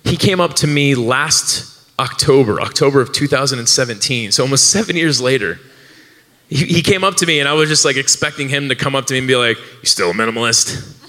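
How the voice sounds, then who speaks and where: With a big-room sound, a male podcast co-host at a live event venue tells a story to an audience in a brisk, mid-range voice with a sharp tone. He's rambling, full of fillers and restarts, and often laughs.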